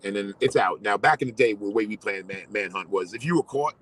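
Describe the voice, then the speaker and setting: A middle-aged man hosting, telling a story in casual, animated chat. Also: fairly low pitch, a little fast, poor audio. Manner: animated, swearing, storytelling with quoted voices. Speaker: host.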